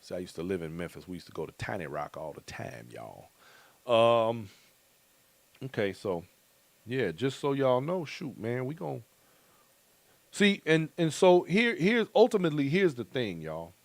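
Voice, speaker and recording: Middle-aged man, host, colloquial and joking, mid-pitched voice, dry close sound. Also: very animated, normal speed, creaky, dry recording. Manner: loose, joking, colloquial, chuckles often. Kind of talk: casual chat reading viewer comments.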